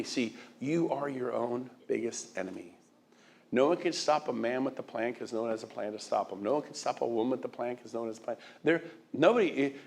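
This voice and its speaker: A man's voice: a little high, lively intonation, normal speed. Emphatic middle-aged male motivational speaker. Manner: emphatic, rhetorical questions to the crowd; repeats and restarts words. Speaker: guest speaker. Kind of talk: motivational speech to an audience.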